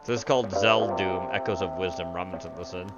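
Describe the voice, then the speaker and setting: A man's voice: sits low, steady tone, quick pace, lo-fi sound, over loud music. A man hosting a casual show, reacting to clips and chatting with his co-host. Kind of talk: casual chat.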